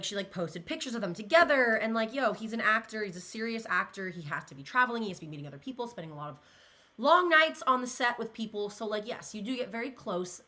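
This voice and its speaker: A young woman chats casually to her viewers in a bright, ringing voice. She rambles and gushes, her pitch leaping around as she gets emotional. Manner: gushing, rambling, many "like"s, emotional. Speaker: pop culture vlogger. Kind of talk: casual chat, reacting to comments.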